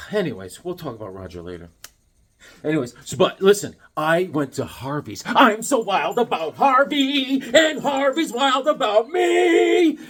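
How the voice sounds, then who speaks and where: A man's voice: on the high side, husky. A man hosting his own comic book channel, chatting in a jokey, rambling way. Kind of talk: casual chat.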